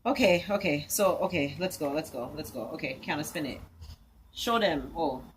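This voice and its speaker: A young woman hosting a casual challenge vlog at home with family, excitable and quick to shriek and laugh. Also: low voice. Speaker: vlogger host. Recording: noisy home video.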